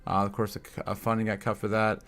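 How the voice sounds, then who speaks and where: A man's voice: on the low side, level tone, fast, vocal fry, a bit bright. A man hosting a casual crypto livestream, reading headlines and viewer chat with lots of filler sounds and frequent laughter.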